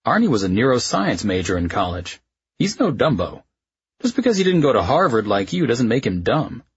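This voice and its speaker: A man's voice: medium pitch, very animated, moderate pace, slightly rough, muffled recording, pitched above the performer's own voice. A man voicing a bookish, joking young husband, playful and teasing, in an audiobook. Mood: defending. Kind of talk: audiobook character voice.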